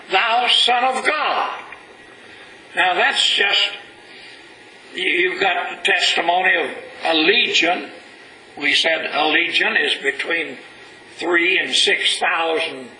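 A male preacher delivers a sermon at an unhurried, deliberate pace. His voice is high and strikingly bright, and he leans hard on the scripture he reads aloud. The church room rings with echo, and a faint hiss sits underneath. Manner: slow, emphatic preaching, reading scripture aloud in a rising voice.

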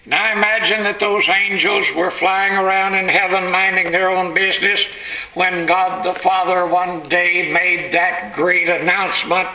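A man preaching a sermon, telling the story dramatically and building to shouted climaxes. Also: high voice, little pitch movement, measured pace, poor audio.

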